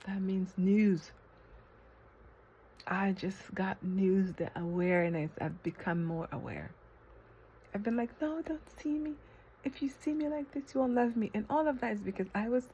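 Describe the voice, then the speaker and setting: Warm and mid-range, this woman's voice carries a slight hiss or hum. She's a vlogger talking herself through an emotional outpouring, repeating herself, cursing, occasionally whispering, and breaking off to restart when emotion takes over.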